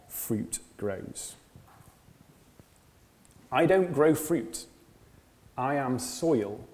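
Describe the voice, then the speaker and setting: A man's voice: mid-range voice, dark tone, big-room sound. A man preaching a sermon, earnest, often repeating phrases and asking rhetorical questions.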